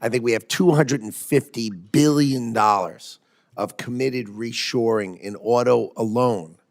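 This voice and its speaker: A man in his sixties testifying at a hearing, answering questions in a brisk, confident, emphatic way. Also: mid-range voice. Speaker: cabinet secretary answering questions.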